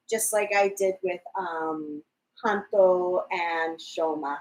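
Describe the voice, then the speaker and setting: Slow-talking woman in an echoey room. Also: mid-range voice, expressive. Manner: chatty, recaps scenes with quoted lines. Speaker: podcast co-host. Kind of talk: casual fan discussion livestream.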